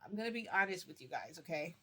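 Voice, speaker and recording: A woman's voice: lowish voice, expressive, quick pace, fairly bright tone, husky. Chatty woman telling a story. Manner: chatty, full of fillers and mild swearing. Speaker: vlogger. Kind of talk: casual storytime monologue.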